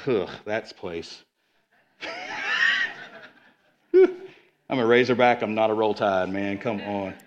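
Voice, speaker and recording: A man's voice: fairly low pitch, steady tone, slow pace, long pauses. A man preaching a sermon in an earnest, conversational way, often repeating himself. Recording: dull lo-fi sound.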